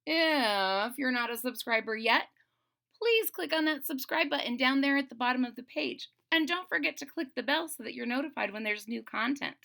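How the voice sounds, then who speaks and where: A woman reading a children's story aloud in an animated, expressive way, talking to young listeners. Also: sits high, moderate pace, gravelly.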